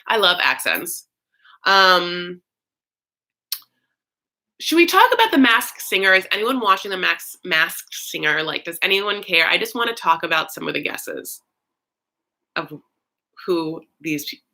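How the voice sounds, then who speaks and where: Chatty woman with a bright voice. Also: lively intonation, unhurried, long pauses. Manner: chatty, swoops high and low, frequent fillers; campy, calls listeners honey. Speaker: host. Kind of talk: casual chat.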